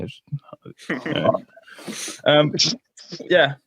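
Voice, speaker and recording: A man's voice: fairly low pitch, brisk, a bit bright, dry recording. A man hosting a podcast in casual chat, chatty and fond of tag questions. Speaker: podcast host.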